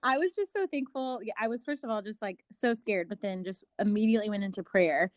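A woman's voice: mid-range voice, a little fast, no echo. A woman in her thirties co-hosting a faith podcast, speaking with enthusiasm and a lot of "like". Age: 30s. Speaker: podcast co-host. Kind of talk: casual faith podcast chat.

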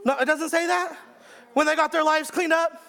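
A male pastor preaching a sermon in an emphatic style, repeating phrases and swinging between shouts and hushed lines. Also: extremely high pitch, steady tone, normal speed.

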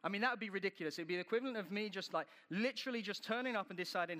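High, bright-voiced preacher. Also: male voice, rapid-fire, hardly any pauses, in a large hall. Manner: animated storytelling, acting out scenes. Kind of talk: sermon.

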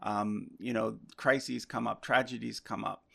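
Gravelly-voiced man chatting casually. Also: on the low side, measured pace. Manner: relaxed, rambling with many fillers. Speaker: podcast guest, history chart maker. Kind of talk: casual podcast conversation.

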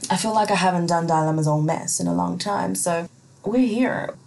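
A woman's voice: on the low side, normal speed, vocal fry, a little mellow, a little hiss or hum. A woman hosting a casual solo podcast, chatty and profane, laughing often as she reads out listener questions. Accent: non-American accent. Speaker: podcast host.

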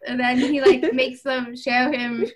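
A woman's voice: high-pitched, measured pace. A woman chatting casually, retelling a book plot and acting out the characters' lines with lots of "like". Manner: animated storyteller, voices characters with filler "like". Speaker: podcast co-host retelling a book. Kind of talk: casual chat, retelling a story with quoted voices.

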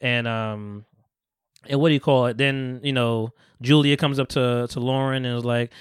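A man's voice: mid-range voice, moderate pace, clean tone, no room sound, clean studio sound. A man casually retelling a movie plot on a podcast, acting out the characters' lines with slang and swearing. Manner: animated, acts out quoted dialogue with profanity and slang. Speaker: podcast host.

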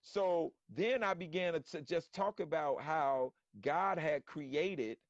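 A man telling a story in casual slangy talk on a live stream, animated and acting out quotes. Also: fairly high pitch, slow, dry recording, muffled recording. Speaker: guest storyteller.

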